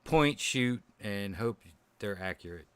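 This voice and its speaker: A man's voice: fairly low pitch, animated, slow, slight background noise. A man narrating as game master of a tabletop game, loose and chatty, laughing often.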